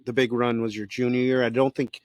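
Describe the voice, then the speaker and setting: A man hosting a podcast, asking steady, prompting questions about a guest's past seasons. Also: mid-range voice, a little fast, clear, resonant tone, no echo, studio quality. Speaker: podcast host. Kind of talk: interview questions.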